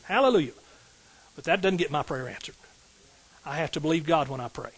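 A middle-aged man preaching a sermon from the pulpit. His voice sits a little high for a man, and he drives his points hard, calling out to the congregation and swelling into sudden bursts. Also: fast talker, slightly rough, rough recording. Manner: emphatic, call-and-response preaching with rising outbursts. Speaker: pastor.

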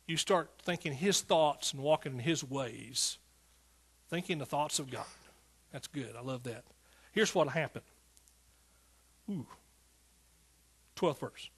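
An older man in his sixties preaches from the pulpit, his voice slightly raised in pitch and husky in grain. He moves between quiet, confiding storytelling and rising, fervent appeals to the congregation. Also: expressive, a little slow, pauses often. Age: 60s. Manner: storytelling, swings from soft asides to fervent exhortation. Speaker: pastor. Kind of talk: sermon.

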